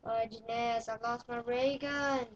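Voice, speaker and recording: A woman giving casual gameplay commentary, excitable and playful, often yelling when in danger. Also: on the high side, measured pace. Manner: playful, swaps swearing for mild words. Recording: dull lo-fi recording with faint noise.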